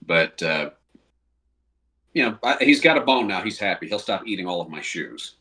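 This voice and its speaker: Low, bright-toned man, far from the mic. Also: sing-song, normal speed. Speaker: guest paramedic. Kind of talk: casual chat.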